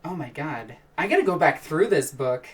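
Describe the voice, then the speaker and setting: A woman's voice: deep voice, lively intonation, moderate pace, far from the mic. A woman hosting a casual live stream, chatting and answering questions from chat in a rambling, enthusiastic way, with frequent sighs and restarts.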